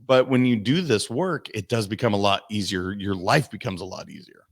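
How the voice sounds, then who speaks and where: A man, a guest coach in a podcast interview, telling stories in an animated way and acting out the people he quotes. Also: fairly low pitch, a little fast. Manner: animated storytelling, acts out voices in quotes. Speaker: guest, mindset and business coach.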